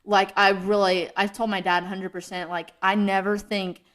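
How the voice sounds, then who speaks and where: A woman's voice: medium pitch, level tone, normal speed, fairly bright tone. Earnest young woman hosting a faith podcast. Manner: earnest, rambling, filler-heavy. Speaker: podcast host. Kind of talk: casual faith podcast chat.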